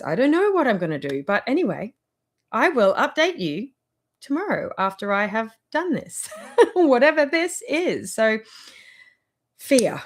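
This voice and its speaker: A woman's voice: fairly high pitch, very animated, measured pace, long pauses. A woman giving casual motivational advice in a vlog, rambling and chatty, with frequent laughs. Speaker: wellness vlogger.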